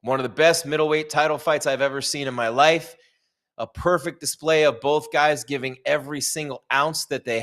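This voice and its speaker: Excited man commentating a fight live. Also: fairly high pitch. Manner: excited, emphatic, exclamatory.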